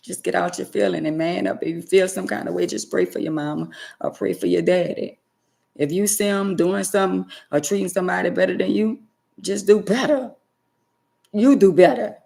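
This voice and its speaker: Her voice is on the low side, gravelly and warm, at a normal pace. The woman, a vlogger, scolds her viewers directly in a preachy way, emphatically repeating phrases to hammer her points home.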